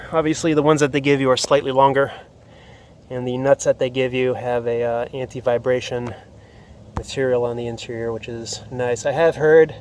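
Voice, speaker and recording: A man's voice: medium pitch, darkish tone, slight background noise. A man filming a casual how-to walkthrough outdoors next to his motorcycle on his phone, a little out of breath from the heat and talking with many fillers. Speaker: motorcycle vlogger. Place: outdoors beside a motorcycle in hot weather. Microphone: phone camera.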